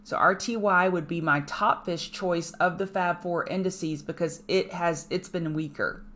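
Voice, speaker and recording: A woman hosting a live trading show, walking viewers through charts in a brisk, emphatic way with chatty asides. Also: fairly low pitch, steady tone, fairly bright tone. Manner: brisk, emphatic, repeats key points. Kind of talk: live market chart analysis.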